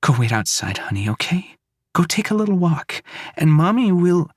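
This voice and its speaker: A frightened mother, hushed and pleading, whose voice sits well above the reader's own low register. A man voices her in an audiobook. The sound is dry and close, with no room around it. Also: sing-song, normal speed, no room sound. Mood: tearful coaxing. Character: frightened mother pleading softly with an abusive husband.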